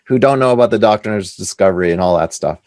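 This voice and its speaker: A middle-aged Canadian man, an author being interviewed, telling animated anecdotes and acting out what other people said. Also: lowish voice, quick pace, no echo. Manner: animated anecdotes with quoted voices. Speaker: author and guest. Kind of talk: casual storytelling interview.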